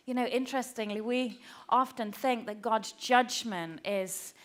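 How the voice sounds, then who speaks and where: With a fairly high pitch and a slightly slow pace, this woman preaches an earnest, chatty sermon. Acting out quoted speech is common for her, and she sometimes drops her voice low and hushed.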